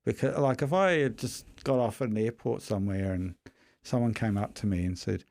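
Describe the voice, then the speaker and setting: Mellow-voiced man in relaxed chat. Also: fairly low pitch, fairly quick, creaky, no room sound. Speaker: podcast guest. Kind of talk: casual chat.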